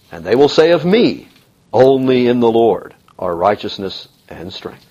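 A man teaching a Bible class in an emphatic, animated way, with frequent ums and uhs. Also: mid-range voice, measured pace. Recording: dull lo-fi recording.

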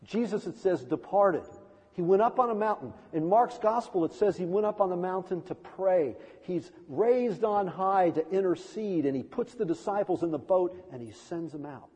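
Male pastor, middle-aged, sermon, high voice, long church reverb. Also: lively intonation, moderate pace, a little mellow, breathy edge. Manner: earnest preaching with storytelling asides. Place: church sanctuary.

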